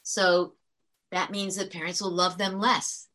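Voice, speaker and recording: In a conversational interview, a teacher tells stories and explains her points earnestly, often restarting her sentences. Her voice is lowish, level, pushed and bright, and she speaks unhurriedly.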